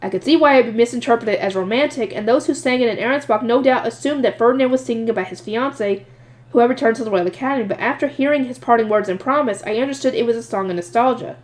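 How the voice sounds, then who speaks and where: A woman reading a light novel aloud in first person, lively and expressive, voicing the narrator's asides. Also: fairly high pitch, fast. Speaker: audiobook reader.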